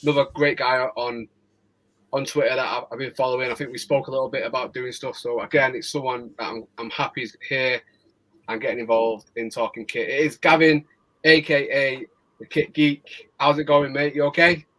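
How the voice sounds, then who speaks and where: A man with a Mancunian accent hosting a casual live show, chatty and quick to laugh, often restarting his words. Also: mid-range voice, flat delivery, fairly bright tone, low-quality recording. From Manchester, England. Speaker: host.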